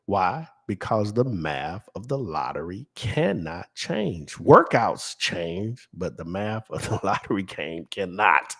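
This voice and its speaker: A man's voice: low-pitched, big pitch swings, takes it slowly, few pauses, a bit bright, husky. A man hosting a live stream and walking viewers through a screen, emphatic and asking himself questions he then answers. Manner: emphatic, asks and answers his own questions. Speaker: lottery stream host.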